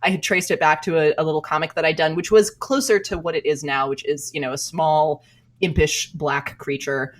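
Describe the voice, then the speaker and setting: A woman's voice: low voice, steady tone, brisk. A woman cartoonist as a podcast guest, talking candidly and thoughtfully about her work. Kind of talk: reflective interview talk.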